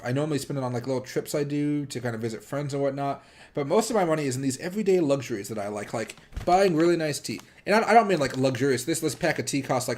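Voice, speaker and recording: A man hosting a livestream, chatting casually with viewers in a rambling way full of filler words. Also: medium pitch. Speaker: livestream host.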